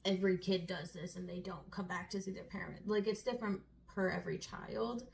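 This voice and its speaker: A woman's voice: fairly low pitch, fairly even intonation, a little fast, vocal fry, slight background noise. Chatty young woman co-hosting a casual talk. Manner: chatty, many fillers and laughs. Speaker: co-host. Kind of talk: casual sit-down chat.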